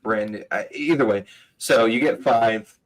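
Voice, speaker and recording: A man comedian chatting casually on a podcast, telling a story with quick asides and laughs. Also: lowish voice, poor audio.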